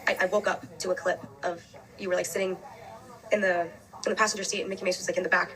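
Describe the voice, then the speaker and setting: Very fast-talking young woman in chat. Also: fairly low pitch, little pitch movement, a bit bright, poor audio. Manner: very fast, rambling with "like". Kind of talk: casual chat.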